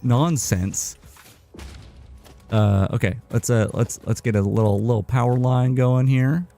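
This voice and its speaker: Gravelly-voiced man streaming a game. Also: mid-range voice, steady tone, warm tone. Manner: rambling, halting, with many restarts and fillers. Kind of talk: casual live-stream chat.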